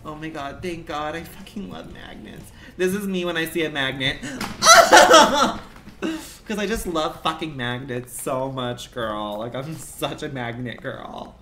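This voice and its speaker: A man's voice: mid-range voice, moderate pace, hardly any pauses, fairly bright tone, a little hiss or hum. A young man livestreaming a game, rambling in a campy, dramatic, profane way at home. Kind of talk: casual game commentary.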